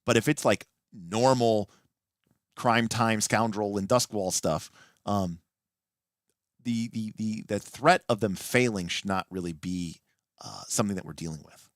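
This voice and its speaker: A man hosting a late-night livestream and explaining tabletop game rules as a game master, animated and often restarting his sentences. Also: on the low side, a little slow, no room sound, clean studio sound.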